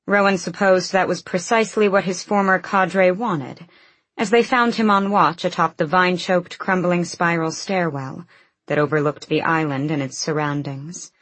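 A woman reading a fantasy novel aloud in an even, measured narration. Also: fairly low pitch, no room sound. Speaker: audiobook narrator.

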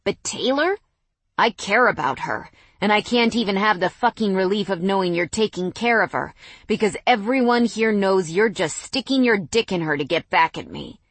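Enraged jilted young man as a woman reads him, loud, cursing, high-strung, voice pushed up and raised, audiobook character. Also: slightly rough, dry recording. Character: furious jilted young man, shouting, unhinged.

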